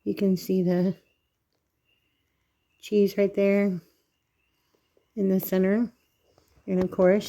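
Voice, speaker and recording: A woman's voice: mid-range voice, flat delivery, takes it slowly, long pauses, warm tone. Chatty woman hosting a home cooking vlog. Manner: chatty, talks straight to viewers while cooking and tasting. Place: home kitchen.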